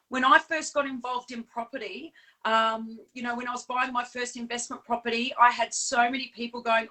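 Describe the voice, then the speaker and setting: A woman with a high, bright voice hosts a casual live stream over a call. She talks animatedly and laughs often. Fillers and restarts run through her speech. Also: low-quality recording. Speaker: stand-in host of a live show. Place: on Bribie Island.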